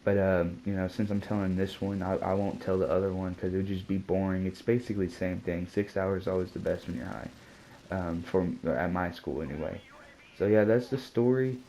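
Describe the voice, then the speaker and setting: A man's voice: low voice, fairly even intonation, fairly quick, dark tone, slight background noise, rough recording. A man telling a casual storytime vlog, rambling and slangy, peppering his talk with "dude" and curse words. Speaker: vlogger.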